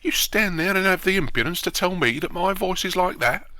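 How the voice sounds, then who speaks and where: A man's voice: mid-range voice, animated, brisk, bright, forceful tone, no echo. A man voicing a stubborn, easily offended night watchman who blusters and protests. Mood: indignant.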